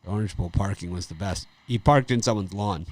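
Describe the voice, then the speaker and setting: A man's voice: low-pitched, fairly quick, no echo. A middle-aged man hosting a sports betting chat, telling rambling stories, laughing often and repeating phrases. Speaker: sports betting show host. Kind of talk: casual chat.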